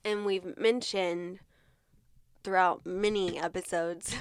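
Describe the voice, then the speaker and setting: A woman co-hosting a podcast in casual chat, frank and quick to laugh mid-sentence. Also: lowish voice, fairly even intonation, clear, resonant tone, no room sound, studio quality. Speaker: podcast co-host.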